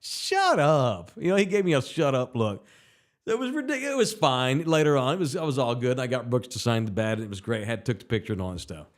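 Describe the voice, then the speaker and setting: Male podcast host, mid-pitched, profane and lively storyteller. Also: fast. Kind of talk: casual storytelling chat.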